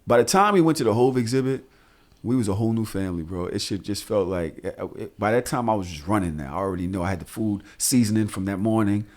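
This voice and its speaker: A man, co-hosting a podcast and telling loose, profane stories full of animated asides. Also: lowish voice, quick pace. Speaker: podcast co-host. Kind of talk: casual podcast chat.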